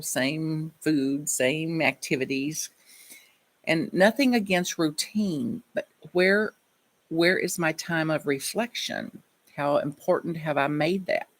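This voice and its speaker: Gravelly-voiced woman giving a reflective sermon. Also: low-pitched. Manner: reflective, personal storytelling. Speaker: minister.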